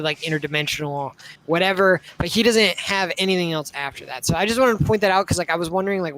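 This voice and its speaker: A man's voice: sits high, fairly bright tone, rough recording. A young man co-hosting a casual live-stream discussion, rambling with lots of filler words. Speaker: podcast co-host.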